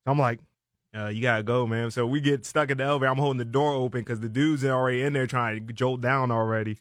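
A man's voice: mid-range voice, fairly even intonation, fast, dry recording, studio quality. A young man with a Washington DC accent telling a story in casual chat, animatedly acting out the voices of people in it. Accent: Washington DC area.

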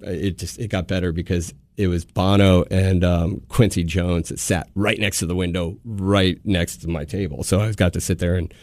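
A man telling a long personal story in casual chat, animated, with frequent restarts. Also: deep voice, moderate pace, hardly any pauses, no echo. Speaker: guest.

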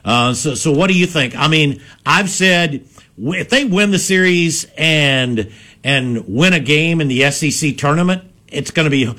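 A man's voice: fairly high pitch, expressive, moderate pace, bright, forceful tone. A man hosting a local sports radio show, talking in a jovial, self-deprecating way and throwing questions to his guest.

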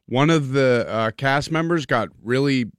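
A man's voice: medium pitch, unhurried, no room sound, studio quality. A man in a casual chat, blunt and joking.

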